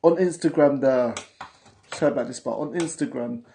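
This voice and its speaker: A London-accented man from England hosts a relaxed livestream, speaking street slang and reading viewer messages. His medium-pitched voice is mellow and creaky at a moderate pace, with a little hiss or hum in the recording.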